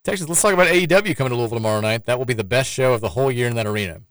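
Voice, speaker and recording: Male sports radio host, quick delivery and sarcastic edge, close dry studio sound. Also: medium pitch, animated, a bit bright, no echo. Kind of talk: casual sports talk.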